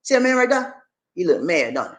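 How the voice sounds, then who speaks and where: A man giving animated, preachy commentary on a news story, playful and repetitive, with questions for his audience. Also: high-pitched, a little fast. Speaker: commentary channel host.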